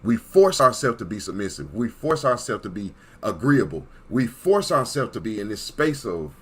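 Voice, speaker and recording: A man's voice: on the low side, very animated, moderate pace, few pauses, breathy edge. A man giving an emphatic, preachy monologue as an online commentator, repeating points and checking in with his listeners. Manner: emphatic, repetitive, checks in with "Okay?".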